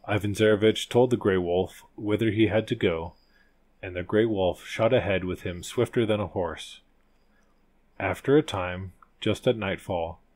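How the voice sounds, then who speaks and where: Low-voiced man narrating a fairy tale. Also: darkish tone. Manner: measured, old-fashioned storytelling. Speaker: audiobook narrator.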